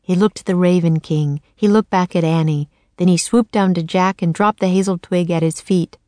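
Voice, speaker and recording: A woman narrating a children's storybook in a clear, steady storytelling voice. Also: on the low side, moderate pace, no echo.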